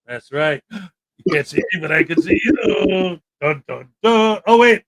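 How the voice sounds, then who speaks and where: High, bright-voiced man chatting. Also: unhurried. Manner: animated storytelling, acts out quotes. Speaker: livestream host. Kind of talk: casual chat.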